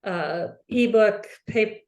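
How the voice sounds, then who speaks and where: An American woman hosting an interview, speaking in a halting way with frequent restarts. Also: mid-range voice, darkish tone, roomy sound. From United States, lives in Arizona. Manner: halting, many restarts and repeated words. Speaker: interview host. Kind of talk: casual interview conversation.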